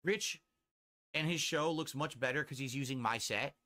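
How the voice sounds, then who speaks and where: Guy on a stream clip bragging and swearing, sharp bright voice. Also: medium pitch, normal speed. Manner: brash, profane bragging. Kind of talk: casual stream chat.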